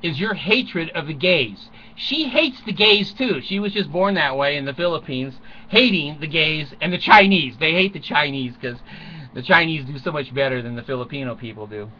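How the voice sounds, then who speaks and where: A man's voice: fairly high pitch, expressive, normal speed, sharp tone, muffled recording, a little hiss or hum. An older man rambling through a crude, self-mocking comic monologue from a small closet at home, chuckling often. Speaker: vlogger.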